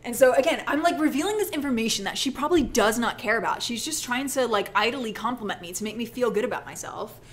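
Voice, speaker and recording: A woman's voice: fairly high pitch, fast talker, hardly any pauses. Chatty young woman with a twang. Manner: rambling, animated, self-deprecating, acts out quotes. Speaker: vlogger. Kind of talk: casual storytelling vlog.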